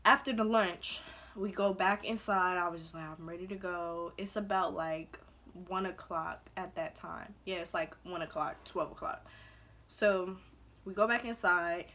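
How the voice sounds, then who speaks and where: A young adult woman from Belize, a vlogger, tells a casual storytime in a lowish, sharp-toned voice, unhurried and with fairly even intonation. She is chatty, leans heavily on "like", and acts out the quotes.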